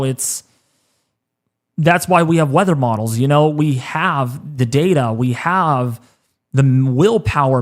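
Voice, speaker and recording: A man in his thirties hosting a weather livestream, choked up and halting, repeating words as he talks. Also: medium pitch. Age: 30s. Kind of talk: emotional livestream talk.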